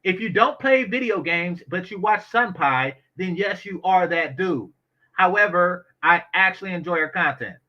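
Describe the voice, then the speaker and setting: A man's voice: high voice, lively intonation, moderate pace, pushed and bright. A man hosting a casual commentary stream, blunt and opinionated and swearing freely as he reacts to an interview. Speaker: commentary channel host. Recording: dull lo-fi audio.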